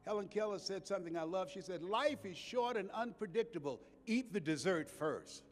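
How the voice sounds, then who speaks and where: Booming motivational speaker, high-pitched man. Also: animated, normal speed, in a large hall. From United States. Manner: preacherly, swells and drops in volume, repeats phrases for emphasis. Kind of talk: motivational speech to a live audience.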